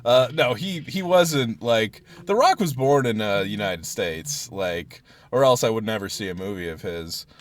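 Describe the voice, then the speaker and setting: A man hosting a casual podcast chat, excitable, laughing often and breaking off mid-sentence to start over. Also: fairly low pitch, normal speed, few pauses. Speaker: podcast host.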